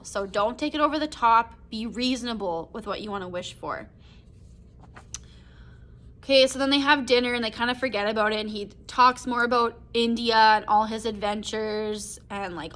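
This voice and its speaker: With a fairly high, a bit bright voice, a young woman English teacher explains a short story to her class. The recorded lesson is casual and chatty, and she leans heavily on "like" and "right?".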